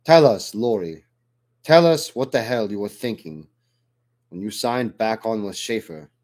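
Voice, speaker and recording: A man's voice: on the low side, animated, unhurried, a little mellow. A man reading the lines of a sneering, mouthy male drop trooper in an audiobook, in a mocking, provoking tone.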